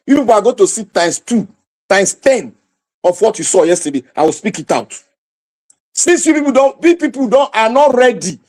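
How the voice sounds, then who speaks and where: A Nigerian man hosting impassioned political commentary, preaching and exhorting his viewers with a fiery, repetitive delivery. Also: very high-pitched.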